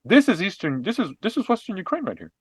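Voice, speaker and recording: A man co-hosting a podcast, explaining history and politics in an animated, casual way with frequent restarts and fillers. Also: high-pitched, quick pace, husky, no echo. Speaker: podcast co-host.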